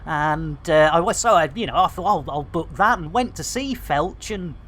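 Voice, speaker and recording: A man's voice: a little high, expressive, normal speed, fairly bright tone, a little hiss or hum. A man chatting through a live game stream, joking with innuendo and giving mock public announcements. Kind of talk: live gameplay stream chat.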